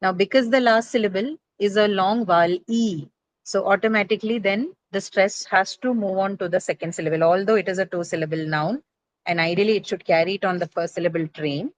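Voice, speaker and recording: A woman's voice: medium pitch, a little fast, no echo, low-quality recording. A woman teacher giving a classroom lecture on word stress, explaining patiently, repeating points and checking that students understand. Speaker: English teacher.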